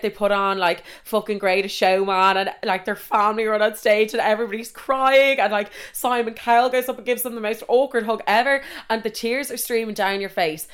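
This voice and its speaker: A young Irish woman telling stories casually, animated and swearing freely, acting out the people she quotes. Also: medium pitch, clean tone. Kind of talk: casual storytelling monologue.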